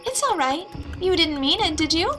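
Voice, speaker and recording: An uneasy mother devoted to a cult in a video game, voiced by a woman, soothing on the surface with a soft, reassuring tone. The voice sits high and bright. It sounds anxious underneath. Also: big pitch swings, moderate pace, soft background music, heavily acted.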